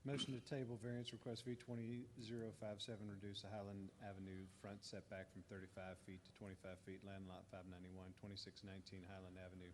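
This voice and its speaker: Male board member, lowish voice, matter-of-fact motions, faint room ambience. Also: little pitch movement, fast, few pauses, background noise. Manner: plain, matter-of-fact recitation. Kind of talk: reading motions aloud. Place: community center gym.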